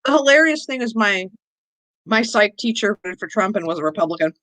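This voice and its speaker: Bright-voiced woman with dry sarcasm. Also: medium pitch, animated, brisk, low-quality recording. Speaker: stream guest. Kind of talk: casual livestream chat.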